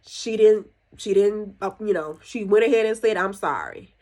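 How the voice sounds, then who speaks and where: A woman's voice: flat delivery, moderate pace, mellow. A woman hosting a podcast, chatting casually as she reviews a TV episode and gives her opinions. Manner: chatty and conversational, recounting scenes with opinions; jumps higher when acting out quoted characters. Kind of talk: casual solo review chat.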